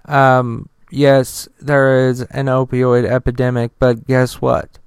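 Brief: male podcast host, slow and halting, very clear, dry close sound, swears in his asides. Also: medium pitch, little pitch movement, no room sound. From Utah. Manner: reads news quotes, then breaks into profane outraged asides; halting, with many uh fillers and repeated words. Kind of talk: casual news commentary.

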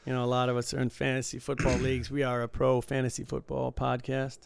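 Man from Michigan, podcast co-host: gravelly yet clear voice, easygoing and self-mocking. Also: mid-range voice, monotone, fast, no room sound. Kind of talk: casual chat.

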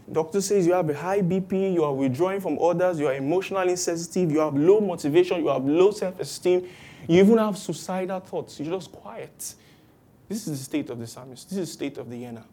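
A woman preaching a sermon, lively and acting out the voices of people she quotes. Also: on the low side, brisk. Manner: animated, acts out quoted voices with exclamations.

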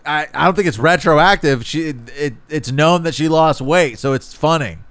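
A laid-back male podcast co-host in easy banter, teasing and quick to laugh. His voice is smooth and clear on a dry, close mic. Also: on the high side, a bit bright, dry recording. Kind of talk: casual chat.

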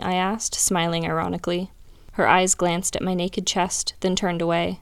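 A woman reading a first-person romantic story aloud in a measured, even way. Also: lowish voice, clear, resonant tone, no echo. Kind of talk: reading fan fiction aloud.

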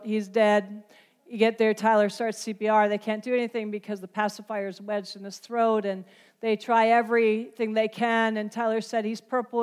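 A woman's voice: on the high side, a little mellow, clean tone. A middle-aged woman preaching a sermon, telling a story and building to impassioned emphasis.

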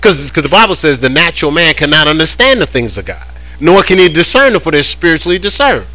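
A man preaching a sermon in a conversational, animated way, often repeating words as he goes. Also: a little high, fast, rough recording. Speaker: pastor.

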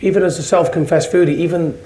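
Higher-voiced male panel host. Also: steady tone, quick pace, noisy background. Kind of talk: hosting a panel discussion. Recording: roomy echo, faint ambience.

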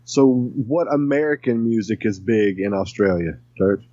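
A man's voice: fairly low pitch, fairly even intonation, measured pace, dark tone, no echo. Man asking questions, dull dry sound. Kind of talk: casual chat.

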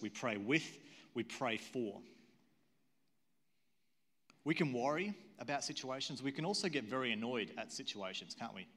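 A man's voice: mid-range voice, sharp tone. A man preaching a sermon as pastor in a church, earnest and repetitive, often asking the audience questions. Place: church auditorium. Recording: long hall reverb.

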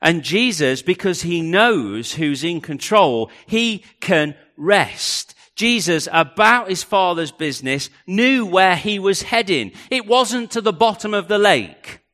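A middle-aged man preaching a sermon, swinging from loud questions down to near hushes. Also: sits high, animated, takes it slowly, hardly any pauses. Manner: dramatic, rising and dropping to near hush. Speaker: pastor.

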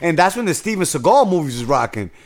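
A man's voice: fairly high pitch, very animated, fast talker, a crowd in the background. Profane man with a Bronx accent. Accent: Bronx New York. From North Bronx, New York. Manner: profane, storytelling, joking. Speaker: podcast co-host. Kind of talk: casual podcast banter.

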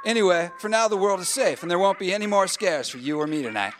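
A man's voice: high-pitched, animated, quick pace, noisy background. An actor playing a dopey, laid-back male spy who wisecracks in a comedy audio drama. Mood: chummy.

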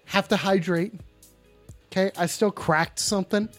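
A man with a high voice hosts a call-in show, loud-mouthed and blustering, full of curses and repeated lines. Faint music plays behind him. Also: steady tone, a little slow. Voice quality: brash, blustering and profane, often repeats himself. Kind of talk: comedic call-in livestream in character. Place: indoors at home.

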